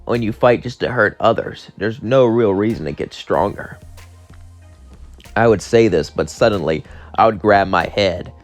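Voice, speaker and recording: A man's voice: lowish voice, moderate pace, soft background music. A young man casually narrating his own fan-fiction adventure, rambling and acting out every character himself. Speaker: storyteller.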